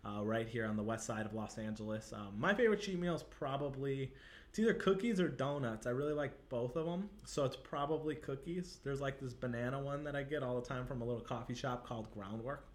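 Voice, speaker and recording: Broadcasting over a webcam from Santa Monica, Los Angeles, a man hosts a casual livestream, talking to viewers in an upbeat, chatty way with plenty of fillers. His voice sits in the mid range and runs a little fast.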